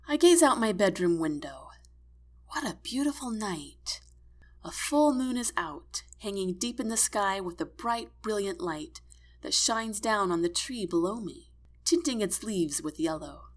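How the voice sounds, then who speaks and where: Expressive woman narrating a first-person audiobook. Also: on the low side. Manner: expressive, emotional storytelling.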